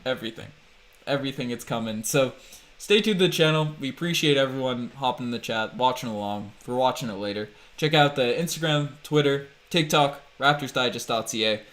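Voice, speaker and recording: A man hosting a livestreamed podcast in loose, casual chat. He is chatty and laughs easily while he thanks viewers and pumps up the channel. His voice sits at an ordinary middle pitch. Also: fairly quick, fairly bright tone. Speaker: podcast host.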